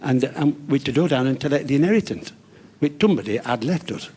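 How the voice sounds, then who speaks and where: A man playing a simple Barnsley man with a slight speech defect, halting and repeating words. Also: medium pitch, expressive, a little mellow, a little hiss or hum, lightly acted. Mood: eager.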